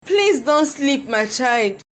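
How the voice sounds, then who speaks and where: A woman's voice: high-pitched, big pitch swings, takes it slowly, exaggerated voice. A woman voicing a loving, guilt-ridden mother in a cartoon drama, soothing and pleading. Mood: tender pleading.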